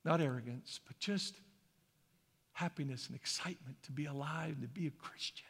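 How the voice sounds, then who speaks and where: A man from Idaho delivers a sermon as a pastor, his voice sitting a little high for a man. He drops into hushed, drawn-out lines, then climbs into loud, fervent appeals. Long reverb from a large room trails each phrase. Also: creaky, breathy edge. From Boise, Idaho. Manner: impassioned, swings from hushed to loud.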